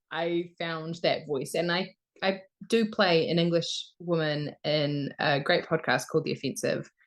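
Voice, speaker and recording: A young woman from New Zealand talks as a guest in a relaxed interview. Her voice sits on the low side, and she chats freely, laughing often between thoughts. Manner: lively, laughs often, chatty. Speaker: voice actor guest. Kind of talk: casual interview chat.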